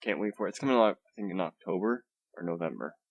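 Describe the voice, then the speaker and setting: A man's voice: deep voice, animated, quick pace, breathy edge. Rambling young man hosting a podcast rant. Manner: rambling, swears a lot, many fillers and restarts; holds back his volume. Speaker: podcast host. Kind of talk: solo casual podcast rant. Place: home room.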